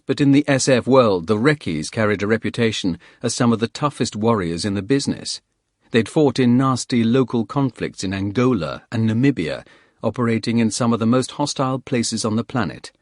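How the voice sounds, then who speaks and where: A man narrating a thriller audiobook in a steady, plain storytelling manner. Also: fairly low pitch, no echo, clean studio sound.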